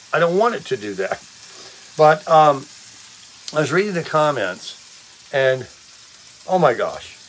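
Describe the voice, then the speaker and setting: An older man hosting a casual vlog while cooking in his camper, upbeat and self-amused, his voice a bit hoarse with frequent throat clearing. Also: mid-range voice, a little hiss or hum, poor audio. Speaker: vlog host. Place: camper kitchen. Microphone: phone on a selfie stick. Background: bacon frying.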